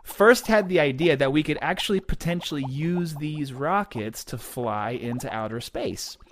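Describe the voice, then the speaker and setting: A man's voice: on the high side, expressive, moderate pace, slight background noise. A man co-hosting a podcast, explaining science in a playful, joking way. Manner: playful, joking, stumbles over hard names. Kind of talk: casual educational chat.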